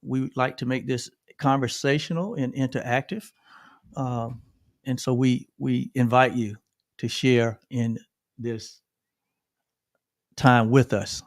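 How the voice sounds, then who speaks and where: A man's voice: medium pitch, steady tone, slow, long pauses, no room sound, clean studio sound. A middle-aged man co-hosting a livestream, talking earnestly about gratitude and often repeating himself. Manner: earnest, repeats phrases, ends with "right?". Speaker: co-host. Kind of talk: reflective livestream talk on gratitude.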